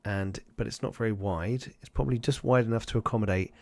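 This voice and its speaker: A man runs the table as game master, talking his way through each scene and dropping into voices for the side characters. His voice is low, and it sounds close and dry, with no room around it. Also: fast talker, vocal fry, a little mellow, no echo. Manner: loose, searching narration that acts out side characters. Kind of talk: improvised tabletop narration.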